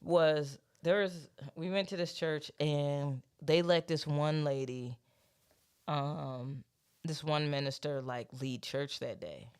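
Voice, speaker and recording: A woman's voice: low voice, takes it slowly, darkish tone, clean tone. A woman hosting a podcast, telling a church story in casual chat, swearing freely and laughing often. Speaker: podcast host.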